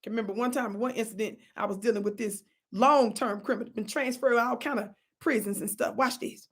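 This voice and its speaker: A woman, hosting her own channel and telling a story in an animated way, often breaking off to say "watch this" and dropping into whispers. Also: on the high side, fairly quick, husky. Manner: animated, repeats "watch this", drops to whispers for quotes. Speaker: channel host. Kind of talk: storytelling vlog.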